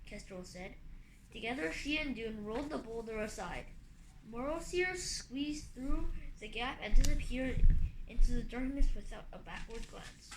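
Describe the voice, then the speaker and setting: A woman's voice: fairly high pitch, measured pace, fairly bright tone. A woman reading a fantasy novel aloud expressively, with occasional slips and restarts. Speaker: audiobook reader. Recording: echoey room, faint hum.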